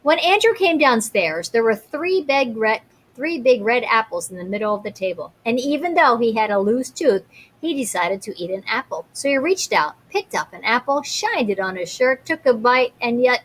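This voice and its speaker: A teacher woman reading a picture book aloud to young children, her voice a little high and expressive. She breaks off for chatty asides and questions. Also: moderate pace.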